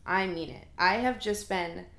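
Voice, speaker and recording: A woman's voice: medium pitch, measured pace, creaky, a bit bright. A woman hosting a solo podcast, talking candidly and emotionally about self-doubt in a casual way full of fillers, recorded in a room at home. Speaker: podcast host. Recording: roomy echo.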